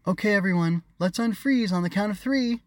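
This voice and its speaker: A man voicing a proud, bossy young girl ruler in a high, bright put-on child voice, for an audiobook. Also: fairly quick, dry recording, natural voice. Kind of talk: audiobook character reading.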